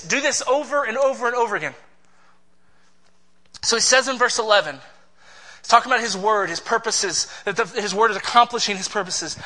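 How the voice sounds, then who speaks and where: Bright, high-voiced preaching man. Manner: emphatic, passionate preaching. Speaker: pastor. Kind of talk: sermon.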